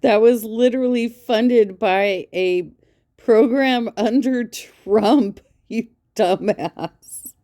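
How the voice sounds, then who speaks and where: Scornful woman mocking, slow and low. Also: dark tone. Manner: scornful, sarcastic, swears constantly. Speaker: reaction commentator. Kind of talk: profane mocking commentary.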